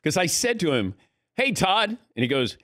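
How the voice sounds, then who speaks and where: A man's voice: a little high, wildly swooping pitch, brisk, a bit bright, no echo. A man hosting a radio show, bantering in a casual, teasing way and laughing often.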